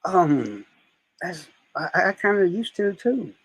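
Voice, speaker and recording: Gravelly, husky-voiced male streamer. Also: sits high, big pitch swings, slow pace, dry recording, low-quality recording. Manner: rambling, profane storytelling. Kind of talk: casual live-stream chat.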